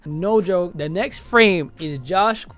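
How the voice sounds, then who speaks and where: A young man giving a casual, slangy spoken movie review, swinging between loud outbursts and mumbled asides. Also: high voice, slow, music in the background.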